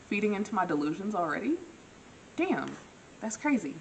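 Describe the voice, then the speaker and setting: A young woman vlogger telling a dating story in a relaxed, self-mocking way, jumping up in pitch to act out what people said and laughing at herself. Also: a little slow, long pauses, a little hiss or hum, low-quality recording. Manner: animated, acts out quotes with big pitch jumps. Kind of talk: casual storytelling.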